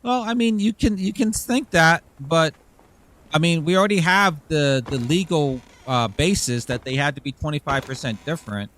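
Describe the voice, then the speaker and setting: A man's voice: on the high side, normal speed, a bit bright, a little hiss or hum. A man streaming a game as a VTuber, talking in a rambling, casual way and swearing freely. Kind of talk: casual gaming livestream chat.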